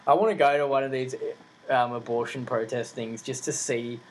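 Man, casual monologue, rambling, hesitant, lots of fillers, animated, incredulous, mid pitch, faint background noise. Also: normal speed, poor audio.

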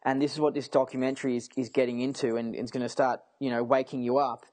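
A young man rants casually to the camera at an ordinary middle pitch. He rambles and presses his points hard, swearing freely. He often breaks off and restarts his sentences. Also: flat delivery, quick pace, a little mellow. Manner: repeats himself and restarts sentences.

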